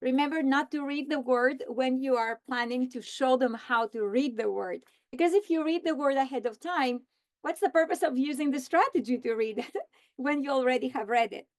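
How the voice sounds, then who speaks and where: A woman explaining how to teach a reading lesson, slowly modeling the script she would read to students. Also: sits high. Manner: slow, deliberate modeling of a script. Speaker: teacher trainer. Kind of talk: instructional walkthrough.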